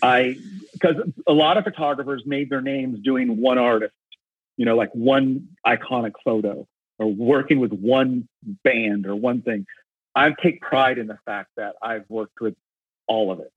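A man with a husky, slightly rough voice talks eagerly and at length, stumbling over and restarting his words as he tells a story. The sound is dry and squeezed through a narrow, phone-like band. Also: medium pitch, steady tone, a little slow, no echo. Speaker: concert photographer. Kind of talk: storytelling in an interview.

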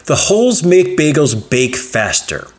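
A man's voice: a little high, sing-song, measured pace. A man co-hosting a casual chat, laid-back and joking as he reads out trivia facts. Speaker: podcast co-host. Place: Los Angeles.

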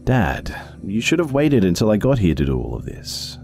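A man's voice: lowish voice, wildly swooping pitch, moderate pace, vocal fry, a little mellow, faint music behind, voice pushed up, exaggerated voice. A man voicing a young woman police officer in a first-person story, speaking earnestly with some hesitation.

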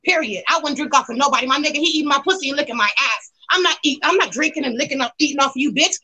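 A high, bright-voiced woman with tears into celebrities. She is brash and crude, firing off insults and swear words. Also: very fast, low-quality recording. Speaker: caller on a celebrity gossip show. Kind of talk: profane celebrity gossip rant.

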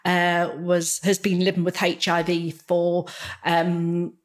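A woman's voice: lowish voice, takes it slowly. A woman, the guest, candidly telling her own story in an interview and acting out the voices of people in it. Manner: candid, animated, acts out quoted dialogue.

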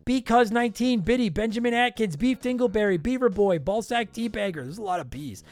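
A podcast host with a high-pitched voice and no echo speeds through a long list of patron names. His tone is casual and joking, often self-deprecating, and his voice has a tired, worn quality.

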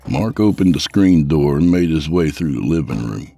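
A man with a very low, deep voice who narrates a dark horror tale in measured, even tones. Faint music plays under his read. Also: creaky, husky, no room sound. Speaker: storyteller.

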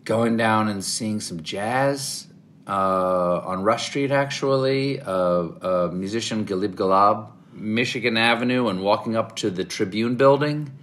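Brief: southern-raised man, interview guest, low voice, animated storytelling with restarts. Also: a little slow. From American South. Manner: animated, rambling, with frequent restarts.

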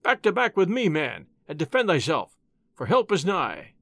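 A man's voice: on the high side, wildly swooping pitch, normal speed, creaky, a bit bright, dry recording, clean studio sound, heavily acted. A man voicing a bold, hearty outlaw who speaks in old-fashioned phrases.

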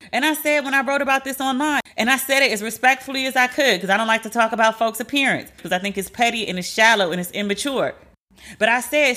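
Sassy, profane woman podcast host. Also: a little high. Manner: animated, profane, sassy and emphatic. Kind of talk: casual celebrity gossip commentary.

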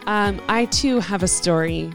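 A woman's voice: medium pitch, a little slow, creaky, over music. A woman co-hosting a podcast, chatting playfully, laughing often and reading listener letters aloud. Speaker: podcast co-host. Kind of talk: casual chat.

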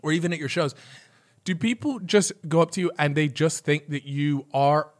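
Male host, higher-pitched, crude and jokey, quick to laugh and needle the guest. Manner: swears freely, laughs loudly, teasing banter. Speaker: podcast host. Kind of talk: casual podcast chat.

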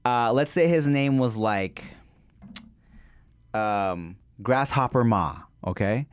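Brief: a man with a smooth, clear voice and a mid pitch, telling stories with energy, recorded close and dry. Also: slow pace, no room sound. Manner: animated storyteller, frequent listening murmurs. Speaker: podcast co-host. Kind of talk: casual chat.

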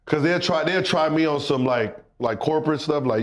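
A middle-aged man co-hosting a casual chat, animated and laughing, often mimicking other people's voices. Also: a little high, normal speed, few pauses.

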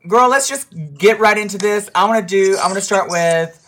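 A man's voice: high voice, fairly quick, fairly bright tone. A man hosting a casual podcast chat, teasing and slangy, with many fillers. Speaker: podcast host.

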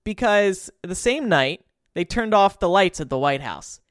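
Man plays relaxed Jesus co-host; lively pitch, dry close sound. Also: unhurried, clear, resonant tone, no room sound. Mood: easygoing. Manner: easygoing, laughs often, reads out news items. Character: Jesus as God's easygoing adult son and co-host. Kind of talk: improvised comedy podcast chat.

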